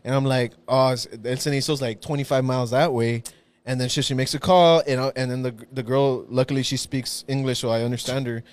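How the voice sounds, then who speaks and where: A man's voice: medium pitch, fairly even intonation, brisk. A man casually telling a long story on a podcast, rambling with many restarts and fillers. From Laredo, Texas.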